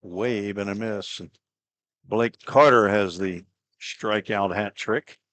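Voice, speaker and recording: A man doing relaxed, chatty play-by-play commentary on a baseball game, with easygoing asides between pitches. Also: slow, no echo. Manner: relaxed, chatty, laughs at own slips. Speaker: play-by-play announcer.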